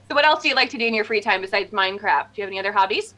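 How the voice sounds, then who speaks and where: Woman co-host, game developer, upbeat casual chatter with a bright, forward tone. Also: mid-range voice. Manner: upbeat and chatty, quick to laugh. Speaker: game developer co-hosting a gameplay stream. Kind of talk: casual chat over gameplay.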